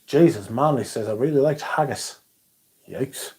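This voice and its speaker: A man's voice: mid-range voice, measured pace, darkish tone, husky. A man hosting a livestream, chatting casually, swearing now and then, and reading out viewer comments. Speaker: livestream host.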